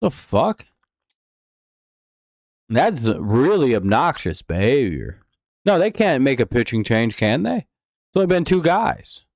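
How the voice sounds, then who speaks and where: A man's voice: medium pitch, big pitch swings, slow, creaky, long pauses, darkish tone, no echo, studio quality. A man hosting a live game watch-along, swearing freely and slipping into mock announcer play-by-play, a little tipsy from drinking. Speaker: livestream host.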